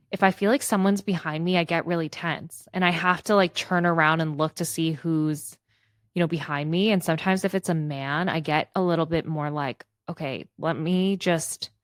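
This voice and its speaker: Woman, 30s, podcast co-host, casual storyteller, fond of quoted asides, slightly low pitch, dry close mic. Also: no echo. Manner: chatty, animated retelling with quoted asides. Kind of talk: casual chat.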